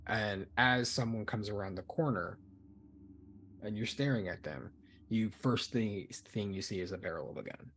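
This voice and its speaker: A man narrating as game master for a tabletop game, halting and often repeating words. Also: on the low side, a bit bright.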